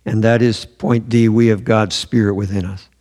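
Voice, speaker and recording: A man's voice: on the low side, level tone, normal speed, a little mellow. A man preaching a sermon in a church, earnest and emphatic, repeating his key phrases. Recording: long hall reverb.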